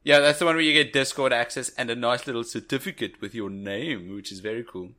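A man's voice: mid-range voice, a little fast, sharp tone. A man co-hosting a podcast, chatty and laughing often through casual chat. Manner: chatty, laughs while talking. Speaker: podcast co-host.

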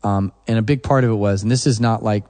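A man's voice: on the low side, fast. A man, a songwriter guest, telling stories in a casual interview and acting out what people said to him. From Oklahoma. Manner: animated storyteller, acts out quotes.

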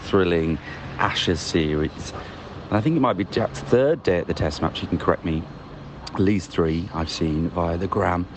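A man with a very low voice sends a wry, measured voice note from a city square. Traffic and street noise sit clearly behind him in this outdoor phone recording. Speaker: podcast co-host.

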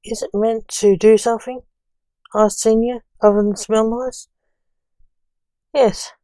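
A woman reading a story aloud in an even, unhurried way, with little change of voice between characters. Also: on the high side, dry recording. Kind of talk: read-aloud story narration.

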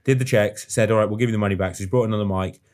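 An English man co-hosting a podcast, chatting casually and quickly, with banter and the odd swear word. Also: on the low side, fairly even intonation, a little mellow. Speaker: podcast co-host. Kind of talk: casual chat.

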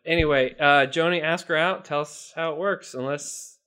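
A man's voice: on the high side, normal speed, pushed and bright. A young man co-hosting a podcast in casual chat, playful and joking. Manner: joking, playful, jumps between voices. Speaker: podcast co-host.

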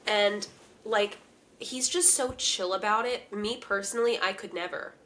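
A young woman co-hosting a podcast, chatting casually and retelling scenes in a drawn-out, descriptive way. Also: mid-range voice, a bit bright, slight background noise. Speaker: podcast co-host. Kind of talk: casual chat recapping a TV episode.

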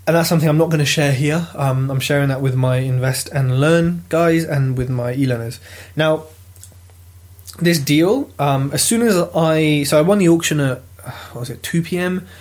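A British man telling a property auction story in a lively, casual vlog, swearing freely as he goes. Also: fairly high pitch, normal speed. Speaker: property investor vlogger. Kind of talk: casual chat.

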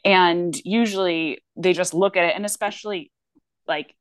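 A woman co-hosting a casual podcast, speaking as a working clinician. Her voice sits on the low side and she rambles, restarting thoughts with plenty of fillers. The sound is dry and close, with no room around it. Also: fairly even intonation, moderate pace, clear, resonant tone, no echo. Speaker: speech-language pathologist, podcast co-host.

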